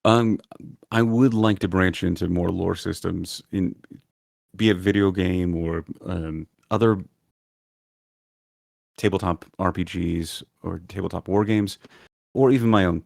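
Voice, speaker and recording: Male guest, very deep gravelly voice, dry close sound, thoughtful and hesitant. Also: fairly even intonation, unhurried, long pauses, darkish tone, dry recording. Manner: thoughtful, hesitant with frequent ums. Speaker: podcast guest, lore video creator. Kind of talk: casual interview chat.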